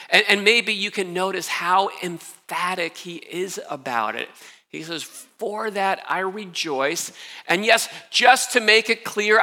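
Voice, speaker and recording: A pastor preaches with a bright, forceful voice, pitched a little high for a man. He talks earnestly and emphatically, often restarting his phrases. His words ring out with the long reverb of a large hall. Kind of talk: sermon.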